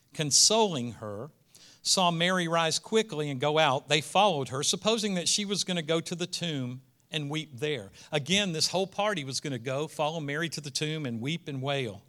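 A man with a fairly high, sharp-toned voice delivers a sermon. He is a preacher reading scripture aloud, slipping into casual asides that rise to emphatic peaks.

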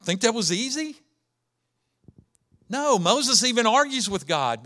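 High, bright-voiced preacher man. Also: takes it slowly, pauses often. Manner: animated storytelling, rhetorical questions. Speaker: pastor. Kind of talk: sermon.

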